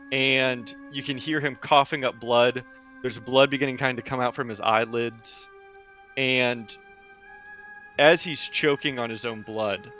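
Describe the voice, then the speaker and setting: Bright-voiced man narrating as game master. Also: medium pitch. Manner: descriptive, loose narration with many fillers. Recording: dull lo-fi voice call with faint music.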